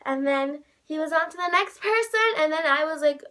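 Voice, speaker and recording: A young woman tells a story in a vlog, gushing with excitement, saying "like" constantly and squealing whenever she quotes herself. Her voice is high and her pace moderate.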